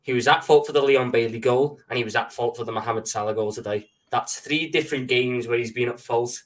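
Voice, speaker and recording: Man panelist, mid pitch, firm and methodical, sits back from the mic. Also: fairly quick, far from the mic. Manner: firm, argues point by point. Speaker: football panelist. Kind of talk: casual chat. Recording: voice away from the mic.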